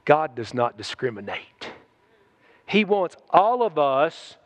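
A man preaching a sermon to his congregation, exhorting and then dropping into hushed asides. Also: fairly high pitch, sing-song, slow pace. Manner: exhorting, swings between loud shouts and hushed asides. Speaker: pastor. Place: church sanctuary.

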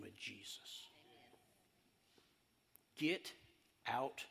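A man preaching a sermon, animated and emphatic, drawing in the congregation. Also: a little high, unhurried, long pauses, big-room sound.

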